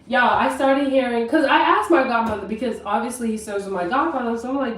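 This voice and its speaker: A woman's voice: on the high side, brisk, distant mic, slight background noise. Chatty young woman in a roomy kitchen. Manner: chatty, animated, talks straight to viewers. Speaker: vlogger. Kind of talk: casual story time on a live stream. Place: home kitchen. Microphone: camera mic at a distance. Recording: roomy, from off mic.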